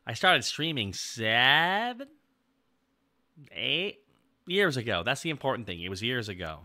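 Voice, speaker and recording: Male VTuber host, casual stream chatter, goofy and self-mocking, bright voice with a very lively melody. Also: mid-range voice, unhurried, no echo, clean studio sound. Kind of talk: casual livestream chat.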